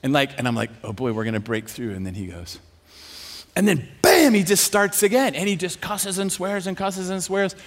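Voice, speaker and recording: Man preacher, fairly high voice, lively self-mocking storyteller who laughs a lot. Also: normal speed. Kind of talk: storytelling sermon.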